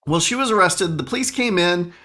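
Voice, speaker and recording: Animated man telling a podcast story. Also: sits high, fairly quick. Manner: animated, self-mocking storyteller. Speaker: podcast host. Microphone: studio microphone.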